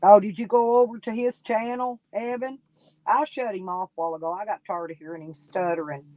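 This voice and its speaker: A woman's voice: mid-range voice, steady tone, brisk, dark tone, no echo. A woman, sniffly and coughing, chatting casually and folksily with viewers on a live stream. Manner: folksy, rambling, talks straight to chat by name.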